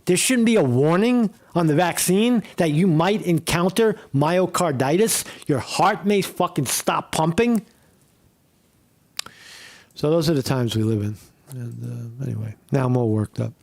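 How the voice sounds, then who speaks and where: A man's voice: on the high side, measured pace, gravelly, a little mellow. A man hosting a livestream, ranting in a heated, profane way and repeating himself with many fillers. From Northeast Pennsylvania. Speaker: streamer host.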